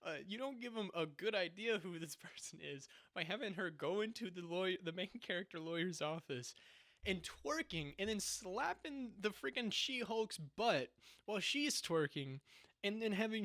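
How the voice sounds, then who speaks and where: Young male podcast co-host, sarcastic casual talker, laughs a lot, voice a touch high. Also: lively intonation, moderate pace, fairly bright tone. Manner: sarcastic, laughs often, mocking. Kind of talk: casual chat.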